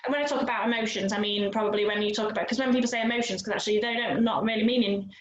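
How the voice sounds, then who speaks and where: A woman's voice: medium pitch, fairly even intonation, very fast, over a noisy crowd. A woman hosting an interview as a coach, talking reflectively and at length with many asides. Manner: reflective, talkative, frequent "you know". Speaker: host and coach. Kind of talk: conversational interview. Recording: echoey room.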